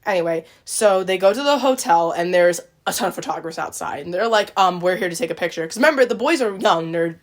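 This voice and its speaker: A woman hosts a podcast in relaxed, casual chat. She rambles through a retelling, full of likes and quick quoted voices. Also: fairly low pitch. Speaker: podcast host.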